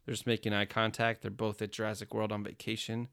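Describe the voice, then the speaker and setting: A man's voice: lowish voice, monotone, fast talker, vocal fry, a bit bright, clean tone. A man in his thirties co-hosting a podcast, joking casually and laughing often. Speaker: podcast co-host. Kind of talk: casual chat.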